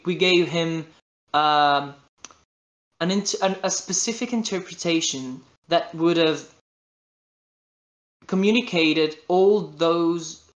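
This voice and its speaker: A man's voice: fairly high pitch, a bit bright. Italian man, roomy echo. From Italy. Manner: searching for words with many restarts in non-native English. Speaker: voice actor guest. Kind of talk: podcast interview chat.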